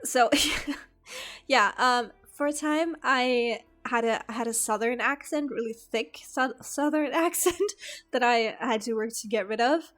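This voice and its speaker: A woman's voice: on the high side, measured pace, fairly bright tone. A woman whose first language is German, chatting casually with her stream viewers in a rambling, giggly, self-deprecating way.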